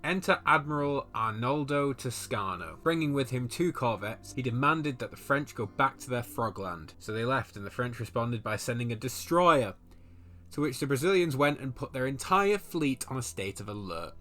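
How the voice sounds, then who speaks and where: A man narrating a comedic history video in a middle-pitched voice, reading a script with dry, sarcastic asides. Soft music plays quietly underneath. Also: expressive, moderate pace. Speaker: channel host.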